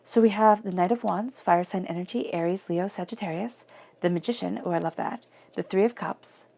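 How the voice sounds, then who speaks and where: A woman giving a chatty, emphatic tarot reading and murmuring her invocations softly. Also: medium pitch, normal speed, vocal fry. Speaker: tarot reader. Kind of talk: casual tarot reading monologue.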